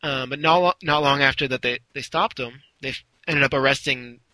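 A man's voice: mid-range voice, a little fast, sharp tone, dry recording, poor audio. A man casually telling a long story, rambling a little and acting out the quotes. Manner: rambling, with restarts and acted-out quotes.

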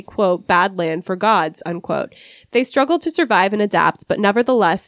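A woman with a medium-pitched voice hosts a casual literary discussion podcast, reading quoted passages and stumbling over difficult words. The audio is studio quality with no echo.

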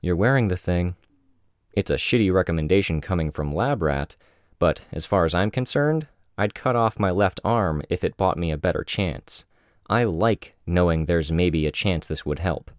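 A brash, wisecracking young hero, as a man reads him, a bit higher than the reader's own deep voice. He talks wryly and a little crudely, close to the mic in a dry space. It plays as a character line in a storybook reading. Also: lively intonation, moderate pace, dry recording. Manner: wry, mocking. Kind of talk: audiobook character voice.

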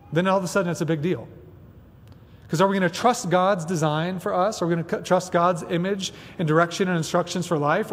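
A man's voice: high voice, long reverb tail. A man preaching a sermon as pastor, chatty and conversational with frequent asides. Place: church sanctuary.

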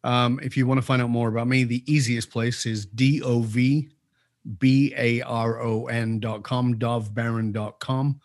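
A man's voice: medium pitch, little pitch movement, a little slow, no echo, clean studio sound. A man as an interview guest giving opinionated commentary, emphatic and repeating key points for force.

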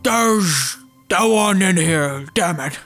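A man's voice: sits high, animated, slow pace, a bit bright, soft background music, heavily acted. A man doing a fussy ogre's wife. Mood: suspicious.

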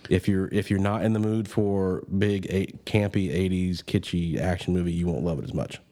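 A man's voice: deep voice, steady tone, moderate pace, warm tone. A man hosting a casual movie podcast, talking in a laid-back, rambling way with many fillers. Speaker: podcast host.

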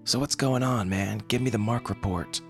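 A man voicing a mellow alien beach hermit in a story reading, with a laid-back drawl. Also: on the low side, moderate pace, faint music behind, voice pushed up, close to an everyday voice. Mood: amused. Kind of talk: audiobook character voice.

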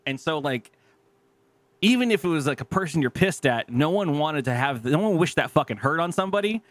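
A man's voice: on the high side, expressive, brisk, no echo. A man in his thirties co-hosting a podcast, telling profane stories in casual chat, acting out quotes and laughing often. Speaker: podcast co-host.

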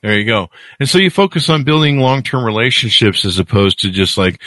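A man's voice: lowish voice, fast, few pauses, a bit bright, dry recording. A man hosting an interview show who introduces his guest and trades self-deprecating jokes. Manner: jokey, self-deprecating banter. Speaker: show host. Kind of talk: casual interview conversation.

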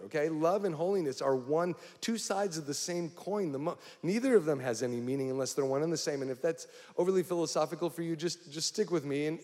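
A man's voice: fairly high pitch, darkish tone. A male pastor preaching a sermon, speaking directly to the congregation with frequent questions. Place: church hall. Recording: long hall reverb.

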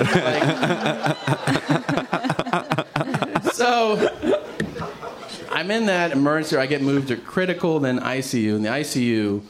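A man's voice: fairly high pitch, extremely slow, long pauses, a loud crowd. Man telling a story with laughs. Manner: laughing often, animated quoted voices, frequent fillers. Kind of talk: casual storytelling.

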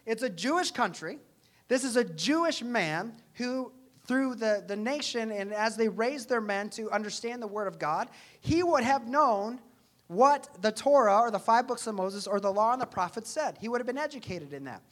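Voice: medium pitch, animated, moderate pace. Earnest conversational preacher. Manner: conversational, earnest, asks rhetorical questions. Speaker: pastor. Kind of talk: sermon.

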